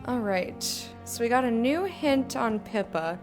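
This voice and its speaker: A woman's voice: on the high side, lively intonation, unhurried, music in the background. A woman giving casual commentary while playing a video game, chatty and giggly, talking to herself. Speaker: gamer.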